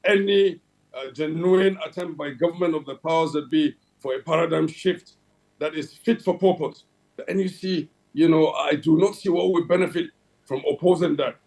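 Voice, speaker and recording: A man's voice: on the high side, darkish tone, rough recording. Nigerian man speaking in formal official tones. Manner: formal official tone, frequent fillers and restarts. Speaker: head of a regulatory agency, guest. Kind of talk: television interview.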